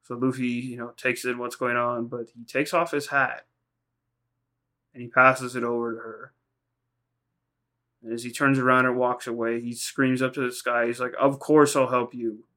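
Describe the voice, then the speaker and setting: A man's voice: mid-range voice, completely flat delivery, moderate pace, long pauses, pushed and bright. A man co-hosting a podcast, casually recapping anime episodes in a rambling, profane way, acting out lines in quoted voices. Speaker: podcast co-host.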